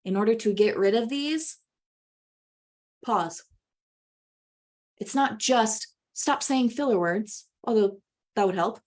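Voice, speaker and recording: A woman presenting a webinar on public speaking, talking in an animated way and swinging her pitch widely for emphasis. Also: takes it slowly, long pauses.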